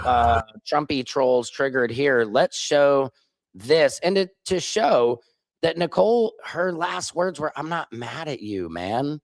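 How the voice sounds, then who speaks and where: In his forties and from Missouri, this man hosts a relaxed livestream, trading sarcastic banter with his chat. His voice sits a little high, with vocal fry, and he speaks slowly and expressively.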